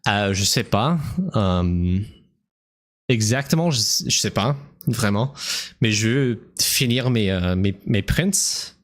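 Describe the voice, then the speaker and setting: A young American man streaming a game, rambling and thinking aloud in a halting way. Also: on the low side, lively intonation. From United States. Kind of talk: casual gameplay commentary.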